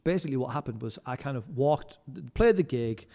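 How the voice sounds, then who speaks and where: Brisk and warm, a mid-range male voice with lively intonation tells backstage anecdotes as a guest on a podcast; he works as a live music stage manager. His chat is rambling and casual, heavy on "like" and other fillers, recorded indoors in a room with long, echoing reverb.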